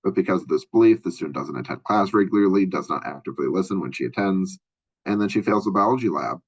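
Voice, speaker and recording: Male lecturer, very low voice, husky, conversational with lots of fillers, dull lo-fi sound. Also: lively intonation, fast talker. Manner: conversational, many fillers and asides. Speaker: college instructor. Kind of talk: recorded lecture.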